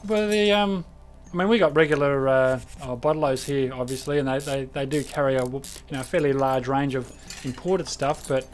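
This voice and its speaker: A man's voice: mid-range voice, normal speed, faint music behind. An Australian man hosting a casual live stream chat, rambling and restarting his sentences.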